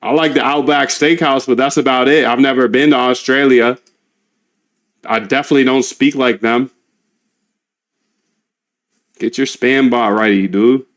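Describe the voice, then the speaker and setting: A man's voice: medium pitch, steady tone, moderate pace, a bit bright. Guy coding on stream, talks to himself a lot, slangy, keeps saying dude. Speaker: trading bot developer and streamer. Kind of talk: casual live coding talk.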